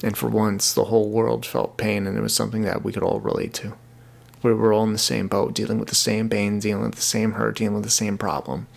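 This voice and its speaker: This young man's voice is lowish and creaky, with a level tone and a fairly quick pace. Alone on his own podcast, he rambles earnestly in a casual monologue, often repeating words as he starts over.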